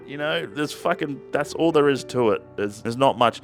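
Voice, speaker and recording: A man's voice: fairly high pitch, animated, moderate pace, hardly any pauses, faint music behind. A young man hosting a casual comedic movie review, rambling and profane, with jokey asides and restarts.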